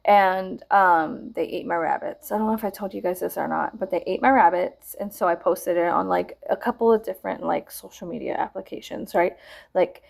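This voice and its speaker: A woman, vlogging a casual, profane storytime rant, animated and exaggerating as she talks. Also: lowish voice, normal speed, creaky.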